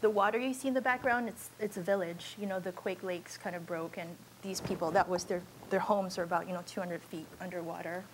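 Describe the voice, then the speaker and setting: A woman's voice: lowish voice, steady tone, a little fast, hardly any pauses, noisy background. A woman photojournalist giving an informal slideshow talk in a university auditorium, speaking in a candid, conversational and unpolished way.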